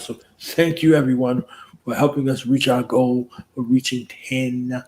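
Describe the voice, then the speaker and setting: A man's voice: medium pitch, fairly even intonation, a little slow, a little mellow, slight background noise, low-quality recording. A man hosting a casual late-night livestream chat, joking around in a playful, laid-back way. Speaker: host.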